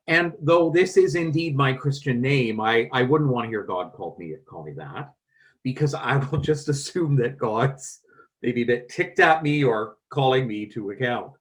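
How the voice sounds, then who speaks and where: A Canadian-accented male pastor delivers a sermon in a church, speaking slowly and softly. His pitch rises and falls widely as he reflects. Unhurried and gentle throughout. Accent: Canadian English. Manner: slow, gentle and reflective with wide swings in pitch and loudness.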